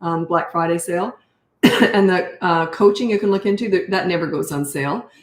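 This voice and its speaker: Her voice sits on the low side and moves at a moderate pace. She's an older Canadian parenting coach on a live stream, a chatty storyteller who wanders off on tangents and laughs a lot, captured with roomy echo.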